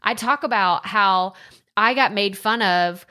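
A woman's voice: medium pitch, a little slow, sharp tone, clean tone. A young adult woman with a Texan accent hosting a solo podcast, chatty and self-deprecating, often laughing at herself. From Texas. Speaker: podcast host.

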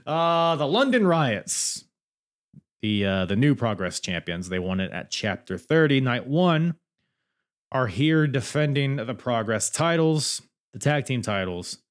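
A man's voice: mid-range voice, very animated, a little slow. A man hosting a podcast, recapping matches in a loose, chatty way. He jokes, swears and restarts his sentences often. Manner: rambling, joking and profane, with many restarts. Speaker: wrestling podcast host. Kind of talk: casual show recap.

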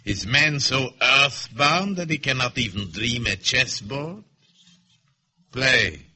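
Sneering bored general, sharp bright tone, old radio villain. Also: male voice, mid-range voice, animated, slightly rough, heavily acted. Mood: menacing. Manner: sardonic, contemptuous, measured. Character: bored, cruel middle-aged male general. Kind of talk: 1950s radio drama acting.

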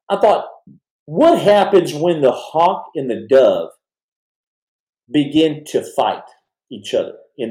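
A man's voice: on the high side, warm tone. A middle-aged man hosting a live podcast, talking fervently to viewers in a rambling way with many restarts. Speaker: podcast host. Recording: roomy echo.

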